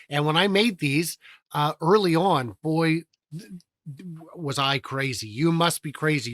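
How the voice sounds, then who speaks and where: A man's voice: fairly high pitch, fairly bright tone, no room sound. A man hosting a casual chat, joking and self-deprecating. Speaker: host.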